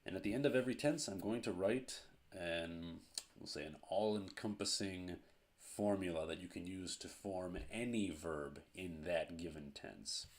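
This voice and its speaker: A man teaching a grammar lesson at a board, slow and deliberate, repeating each verb form. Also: low voice.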